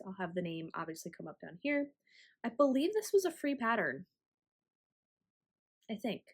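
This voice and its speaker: Chatty woman around 30 knitting. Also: mid-range voice. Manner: chatty and rambling, with frequent ums. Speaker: knitting vlogger. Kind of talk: casual chat.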